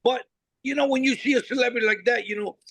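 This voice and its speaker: Blunt cigar-maker guest, forceful bright voice, animated storyteller, dry close mic. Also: male voice, very high voice, quick pace, vocal fry, no room sound, low-quality recording. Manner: blunt, no-nonsense, swears freely, acts out dialogue. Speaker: cigar company founder, guest.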